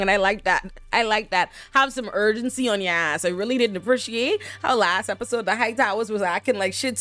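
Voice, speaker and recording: A woman hosting a casual TV episode breakdown, animated and profane, laughing often and talking back at the characters. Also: medium pitch, dry recording. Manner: sassy, talks back at characters. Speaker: TV recap host.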